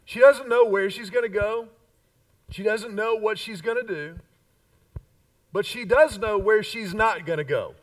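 Emphatic preacher, higher voice, distant mic. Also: male voice, a little slow, long pauses. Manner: emphatic preaching with repeated call-and-response lines. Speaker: pastor. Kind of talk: sermon. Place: church sanctuary.

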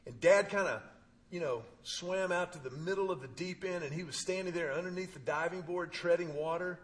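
Man, middle-aged, preaching, fairly high voice, humorous storytelling, emphatic pauses. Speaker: pastor. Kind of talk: sermon.

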